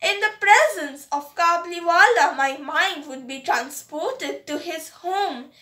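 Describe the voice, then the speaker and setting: A woman with an Indian English accent, reading a story aloud as an audiobook narrator, slow and careful, in a roomy, echoey recording. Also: very high voice, lively intonation, bright, forceful tone. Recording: roomy echo.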